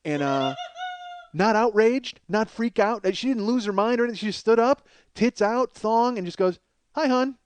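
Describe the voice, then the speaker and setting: A man telling a comic story as a podcast host, in a profane, excitable way and laughing through the story. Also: high voice, moderate pace, smooth, no echo.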